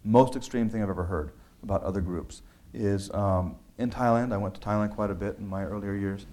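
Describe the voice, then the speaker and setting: Fairly quick and a little mellow, this lowish male voice belongs to an author discussing his book. His conversational talk is earnest, marked by frequent restarts and filler words.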